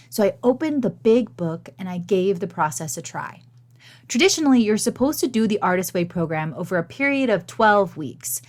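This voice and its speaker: A woman hosting a solo podcast, talking in a candid, chatty, self-deprecating way, her voice gravelly and worn after losing it. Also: mid-range voice. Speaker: podcast host and teaching artist.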